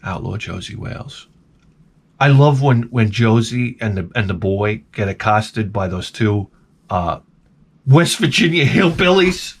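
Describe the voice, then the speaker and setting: A man's voice: fairly low pitch, expressive, measured pace, breathy edge. A man rambling through a comic monologue to camera, jumping between tangents and restarting his sentences. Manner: tangent-prone rant, frequent stammered restarts. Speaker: vlogger.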